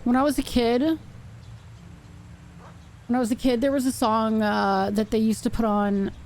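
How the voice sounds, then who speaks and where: A young woman streamer chatting casually while she plays, rambling and thinking out loud with self-mocking asides. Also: a little high, little pitch movement, moderate pace, slight background noise. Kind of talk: casual live-stream chat while gaming.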